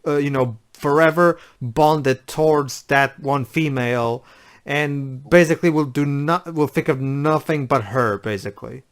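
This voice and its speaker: A man in casual movie commentary, explaining plot points haltingly with restarts and fillers. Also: a little high.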